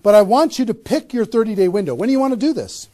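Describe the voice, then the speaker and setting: Energetic high-voiced man coaching a crowd. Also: fast talker. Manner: energetic, emphatic, asks rhetorical questions. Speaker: network marketing trainer. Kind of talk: motivational training talk. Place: room with a small live audience.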